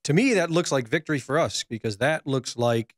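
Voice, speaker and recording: Male reporter, measured, um-filled, dry close sound. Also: medium pitch, lively intonation, no room sound. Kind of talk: casual political chat.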